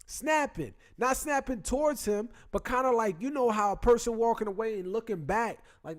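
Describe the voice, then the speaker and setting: Man, fairly high voice, animated, slangy, casual sports chat, computer mic. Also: moderate pace, few pauses.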